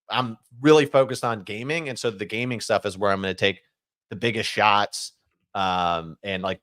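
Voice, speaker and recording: A man's voice: lowish voice, fairly bright tone, dry recording. A man co-hosting a casual podcast chat, talking loosely with lots of fillers and restarts. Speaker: podcast co-host.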